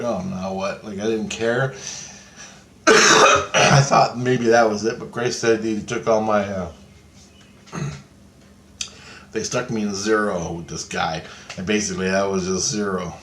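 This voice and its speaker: A man's voice: fairly low pitch, a bit bright. Profane man rambling through a dream story. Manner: profane, rambling, acts out quotes. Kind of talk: casual storytelling about a dream. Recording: echoey room with faint background noise.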